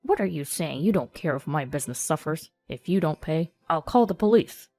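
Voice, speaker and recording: A woman's voice: low-pitched, lively intonation, a little fast, a little mellow, no room sound, faint music behind. A woman voicing a greedy, threatening old male steakhouse owner, talking in a blustering, menacing way.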